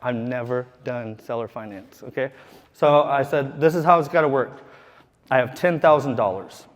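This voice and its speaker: A man's voice: mid-range voice, moderate pace. A man who is a real estate investor tells a casual, profane story to a live audience in a room, laughing as he goes. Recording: long hall reverb.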